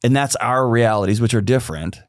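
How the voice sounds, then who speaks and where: A man's voice: mid-range voice, fairly quick, no echo. A man, a podcast guest telling personal stories and acting out the voices of the people in them. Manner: animated storyteller, acts out quoted voices. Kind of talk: storytelling conversation.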